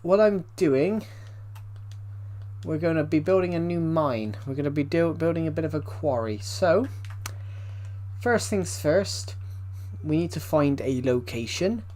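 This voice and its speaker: Chatty male game streamer, slightly high voice. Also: unhurried, a little mellow. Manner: chatty, rambling, repeats himself while answering chat. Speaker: livestreamer. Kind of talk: live game stream, reading chat aloud.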